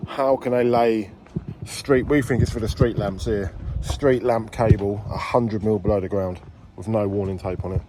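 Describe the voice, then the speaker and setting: A man's voice: fairly low pitch, fairly even intonation, normal speed, noisy background. A man chatting casually on an outdoor work site as he vlogs about his landscaping business, bantering and rambling. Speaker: vlogger, landscaping business owner. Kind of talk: casual on-site vlog chat.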